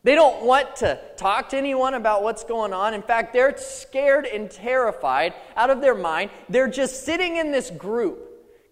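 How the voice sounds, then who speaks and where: A male preacher giving a sermon to a church, playful and animated, acting out the scripture story. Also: very high voice, a little slow. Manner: animated, playful, acts out the disciples and Jesus. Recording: long hall reverb.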